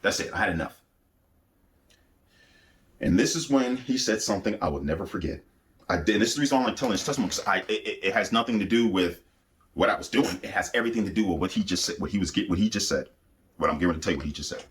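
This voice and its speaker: A man with a lowish voice recounts a personal spiritual testimony. He tells it intensely, circling back on phrases and restarting sentences as he goes. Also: animated, quick pace, a bit bright, a little hiss or hum. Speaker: speaker giving a religious testimony.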